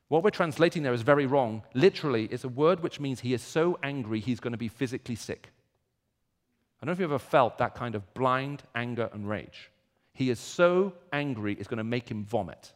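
A man preaching a sermon, moving from quiet reflection to loud, emphatic repetition. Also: fairly high pitch, animated, normal speed, long reverb tail.

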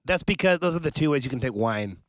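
A man's voice: on the high side, animated, quick pace, no echo. A man co-hosting a casual podcast chat about comics, rambling and hesitant, restarting his sentences. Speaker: podcast co-host.

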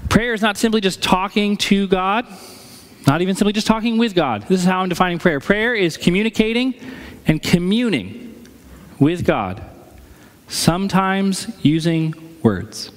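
A man's voice: high-pitched, lively intonation, moderate pace, in a large hall. A man preaching a sermon as pastor in a church sanctuary, conversational and acting out the voices he quotes.

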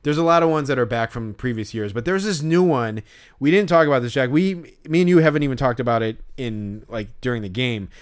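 A man's voice: medium pitch, a little fast, clear, resonant tone. A young man co-hosting a casual podcast chat, rambling with many fillers and acting out the voices he quotes. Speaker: podcast co-host.

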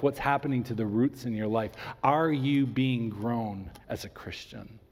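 A man preaching a sermon as a pastor, animated when he acts out his stories and slowing right down for emphasis. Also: mid-range voice. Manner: animated storytelling, acts out the people in his story; slows down and drops to near whisper for emphasis. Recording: long hall reverb.

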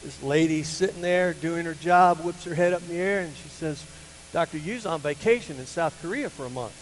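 Older guy pastor telling his story from the pulpit, pretty high voice, gets loud and punchy, echoey church hall. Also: a little fast. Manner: animated, rising to loud emphatic peaks. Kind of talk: sermon storytelling. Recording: hall reverb with faint hum.

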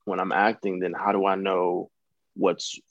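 A man's voice: deep voice, flat delivery, a little slow, no echo, lo-fi sound. A young adult man from the United States, an actor talking casually as a guest, rambling and hesitant, with many restarts. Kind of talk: casual conversation.

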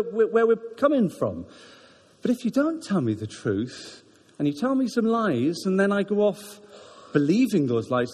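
Welsh man, jokey church talk; lively, husky, higher voice in a reverberant hall. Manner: chatty, self-deprecating, jokey, halting with ums. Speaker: church member giving a talk. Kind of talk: informal sermon talk.

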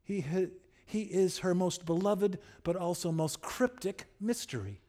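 Brief: male pastor, higher-pitched, animated storytelling sermon. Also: unhurried. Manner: animated, humorous storytelling with wide swings in loudness.

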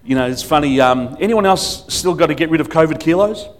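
A man's voice: a little high, animated, brisk. Man preaching with playful humor. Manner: storytelling with humor and acted quotes. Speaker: guest pastor. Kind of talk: sermon.

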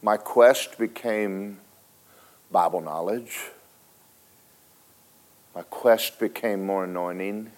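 A man preaching a sermon, telling a story dramatically, switching between loud and hushed and talking straight to the congregation. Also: fairly low pitch, slow, pauses often. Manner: folksy, speaks to the congregation directly.

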